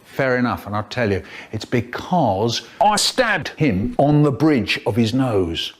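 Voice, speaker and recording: An older man giving a playful, animated recitation of comic spoken-word rhymes in a storytelling manner. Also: mid-range voice, unhurried.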